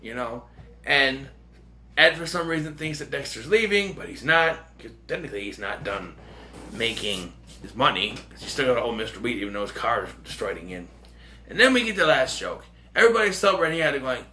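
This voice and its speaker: A man's voice: mid-range voice, very animated, brisk, sharp tone. A man hosting his own channel, giving a casual, rambling movie review with lots of fillers and chuckling asides.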